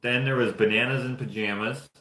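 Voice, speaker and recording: A man's voice: medium pitch, fairly even intonation, fairly quick, pushed and bright. A young man from Canada chatting casually and rambling offhand while painting figures. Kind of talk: casual chat. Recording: roomy echo.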